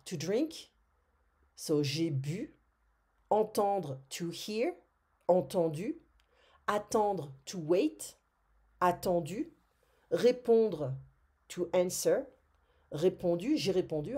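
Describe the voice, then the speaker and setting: A French woman with a French accent teaching a grammar lesson, slow and patient, with many "euh" fillers and repeated words. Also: lowish voice, dark tone, slightly rough.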